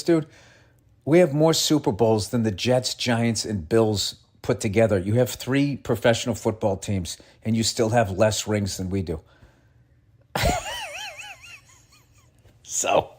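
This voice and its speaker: A man, hosting a podcast in a loud, exasperated comedic rant full of swearing. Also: lowish voice. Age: 50s. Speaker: podcast host. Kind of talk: comedic ranting monologue.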